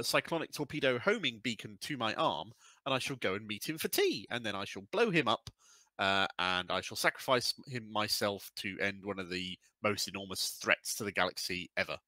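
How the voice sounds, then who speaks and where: A grim, blunt warrior commander, as a man puts him on while retelling a story. He talks in a swaggering, mock-formal manner with a bright, forceful edge and a low voice. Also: lively intonation, moderate pace, dry recording. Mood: defiant.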